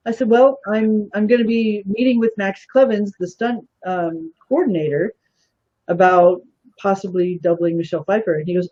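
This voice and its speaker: A woman's voice: mid-range voice, brisk, dark tone, highs cut off. A woman guest telling a story in casual talk, animatedly acting out the voices of the people she quotes.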